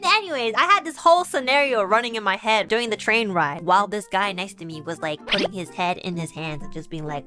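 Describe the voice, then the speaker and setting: Bright, chatty young woman streamer. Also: medium pitch, fairly quick, hardly any pauses, faint music behind. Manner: rambling, animated, full of fillers and laughs. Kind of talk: casual storytelling to viewers.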